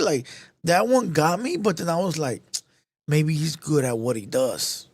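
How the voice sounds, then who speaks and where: A man's voice: on the high side, expressive, measured pace, slightly rough, no echo. A man hosting a live show, telling a heated, profane story in casual street slang, repeating himself as he goes.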